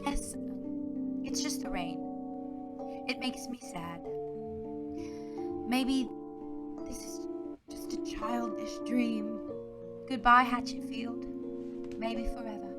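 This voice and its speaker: A wistful young Englishwoman with a posh English accent and a high voice, who speaks slowly in clipped, theatrical phrases. It sounds like a show clip, with loud music playing under her voice. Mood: melancholy. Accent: posh English, as acted. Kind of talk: stage musical acting.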